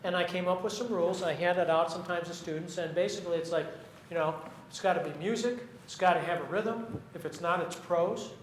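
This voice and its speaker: Chatty high-voiced man in an echoey room. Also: a little hiss or hum. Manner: chatty, halting, restarts mid-sentence. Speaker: poet reading his work. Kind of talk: audience Q&A after a reading. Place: lecture room with an audience.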